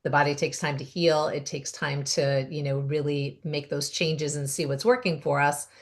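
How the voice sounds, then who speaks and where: A middle-aged woman hosts an interview in a low voice. She sounds upbeat and encouraging and explains things at length. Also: fairly even intonation, moderate pace. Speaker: host.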